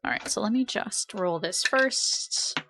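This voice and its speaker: Female game master, laid-back chatty narration, slow delivery. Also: medium pitch. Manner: relaxed, chatty narration with fillers and laughs.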